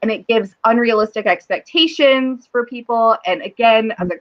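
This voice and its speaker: A woman's voice: on the high side, moderate pace, dull audio. A woman with a Southern US accent, a guest in a casual writing chat, talking loosely with lots of "you know" and "like". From Southern United States. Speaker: guest writer.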